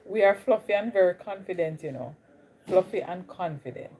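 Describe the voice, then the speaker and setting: On her livestream, this host from Jamaica chats easily with viewers and calls them out by name in her Jamaican accent. She speaks at a moderate pace in a fairly low, dark, slightly rough voice with lively intonation.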